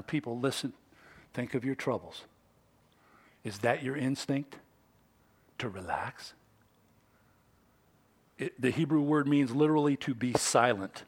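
A man preaching a sermon as pastor, swinging from hushed, quiet stretches to loud, excited ones. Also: a little high. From United States.

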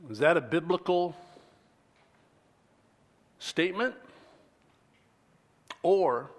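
A man's voice: fairly high pitch, lively intonation, drawn-out words. A pastor preaching a sermon in a conversational way, often restarting his sentences and acting out what his listeners might think.

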